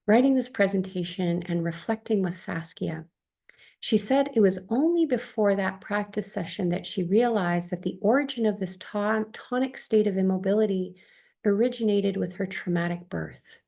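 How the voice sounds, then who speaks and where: A woman calmly reading her own first-person account as a therapist, in a soft, tender manner. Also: mid-range voice, normal speed, creaky.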